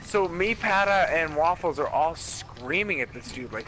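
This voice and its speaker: A man hosting a game stream, telling a story in an animated way, swearing freely. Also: fairly high pitch, unhurried. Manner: animated, swearing, dramatic retelling. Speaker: streamer host. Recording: noisy home stream mic.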